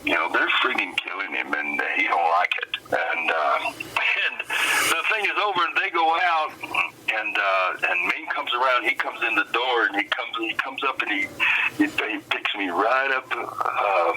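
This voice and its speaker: An older man, a wrestling manager, telling stories in a casual interview with a folksy, animated delivery. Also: lowish voice, background noise. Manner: animated storyteller with laughs and Southern folksy phrasing. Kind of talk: storytelling interview.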